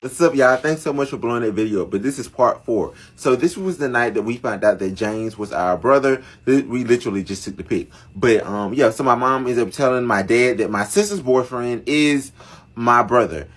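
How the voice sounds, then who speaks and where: A man's voice: mid-range voice, normal speed, fairly bright tone. A young man narrating a dramatic family story to his viewers in a chatty, casual storytime style. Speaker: storyteller vlogger.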